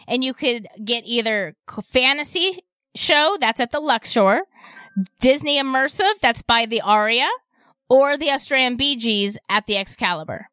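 A woman hosting a radio shopping show, pitching deals and taking calls in upbeat, repetitive sales patter. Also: bright, forceful tone, dry recording.

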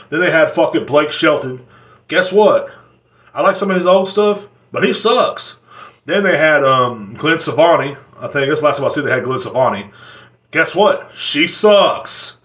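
A man's voice: fairly high pitch, fairly bright tone, roomy sound. Crude ranting male podcast host. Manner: crude, rambling, profane. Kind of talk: comedic rant.

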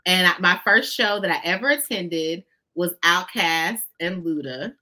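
Woman, lower voice, bright tone, expressive storyteller, folksy guest. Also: measured pace. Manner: expressive, folksy, addresses listeners as "y'all". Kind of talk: conversational storytelling.

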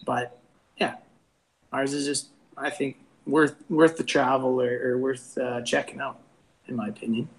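A man's voice: mid-range voice, fairly even intonation, unhurried, creaky, rough recording. A laid-back man, chatting casually as a brewery owner on a video call. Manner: laid-back, says "man" often, laughs easily. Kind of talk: casual interview chat.

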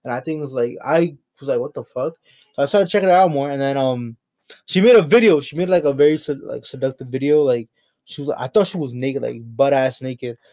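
A man's voice: medium pitch, fairly quick, darkish tone. Loose, swearing man on lo-fi mic. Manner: rambling, profane and joking. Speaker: podcast host. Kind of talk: unscripted solo podcast chat. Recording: dull lo-fi recording.

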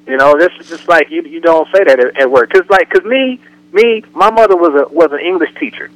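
A man's voice: sits high, a little fast, no room sound, low-quality recording. A man co-hosting a casual radio talk show, telling jokes and acting out the way people talk. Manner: joking storyteller, animated impressions.

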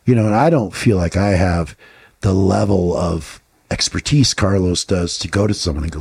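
Husky, blunt, profane man. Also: sits low, moderate pace, darkish tone. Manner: blunt, profane, rhetorical questions. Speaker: podcast co-host. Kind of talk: casual podcast talk.

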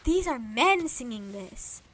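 A young woman with a slightly high voice, talking in an animated, rambling way. She gushes like an excited fan in casual podcast chat. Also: slow, breathy edge.

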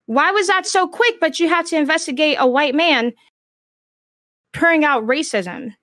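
A woman's voice: high voice, normal speed, fairly bright tone, no room sound, studio quality. A woman streamer speaking frankly and with passion in a casual panel discussion. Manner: impassioned, frank and blunt.

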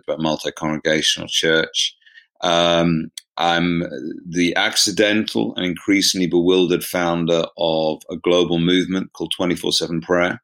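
A man's voice: low-pitched, a bit bright. A middle-aged man with a southern English accent, a pastor chatting as an interview guest, self-deprecating and given to laughing. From southeast England. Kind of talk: casual interview chat. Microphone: remote call.

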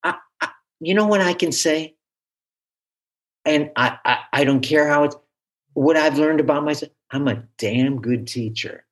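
Male guest teacher, slow and halting, voice pitched a little high. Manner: animated, halting, restarts often. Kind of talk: conversational interview.

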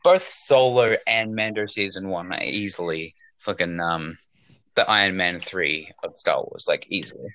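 Low-voiced and sharp in tone, a young podcast co-host chats casually at a moderate pace, rambling with many fillers and restarts. The recording is dry.

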